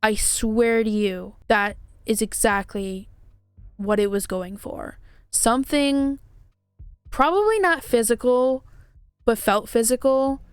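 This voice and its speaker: A woman's voice: a little high, slow pace, clear, resonant tone, no room sound, faint music behind. A woman vlogger telling a personal paranormal story in an emotional, dramatic way, full of fillers and restarts.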